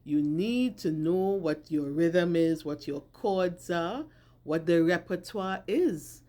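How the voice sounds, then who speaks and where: A woman teaching an English vocabulary lesson, speaking clearly and stressing each word with care. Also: fairly low pitch, lively intonation, mellow. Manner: clear, deliberate enunciation with stressed words.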